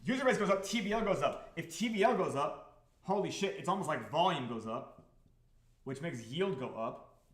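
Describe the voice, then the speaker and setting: A man hosting a livestream about his crypto project, talking to the chat in an excitable, profane, repetitive way. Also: a little high, normal speed, roomy sound. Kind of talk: livestream talk to a chat audience.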